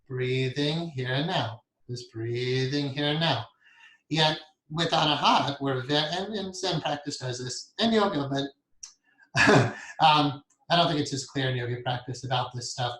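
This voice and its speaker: A man teaching a guided meditation lesson, talking calmly and softly and chuckling often as he explains and counts breaths. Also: mid-range voice. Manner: calm, soft-spoken, chuckles often. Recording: echoey room.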